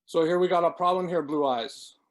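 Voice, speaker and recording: A man reading aloud, voicing a menacing, cool-headed tough who talks loud and swaggering. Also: high-pitched, fairly even intonation, moderate pace, voice pushed up, close to an everyday voice.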